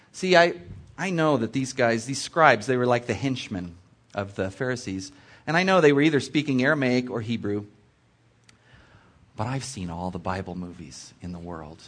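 A man preaching a sermon, reading scripture and explaining it with expressive storytelling asides. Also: medium pitch. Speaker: preacher in children's ministry. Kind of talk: sermon teaching from Bible text.

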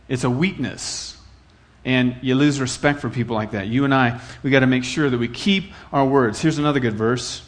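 A man's voice: medium pitch, moderate pace. A middle-aged man from Iowa preaching a sermon in an earnest, conversational way, telling stories and repeating phrases for effect. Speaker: pastor.

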